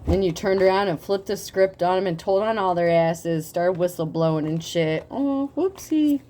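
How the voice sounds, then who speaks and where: A woman giving a casual tarot reading, talking in a profane, animated way and laughing often. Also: lowish voice, moderate pace, slight background noise. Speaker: tarot reader.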